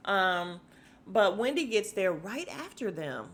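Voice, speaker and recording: A woman hosting a casual recap podcast, talking in a chatty, sassy way. She drops into short mimicking asides and keeps a loose, conversational flow. Her voice sits at a middling pitch for a woman. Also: big pitch swings, takes it slowly, slight background noise. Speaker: podcast host recapping a reality show.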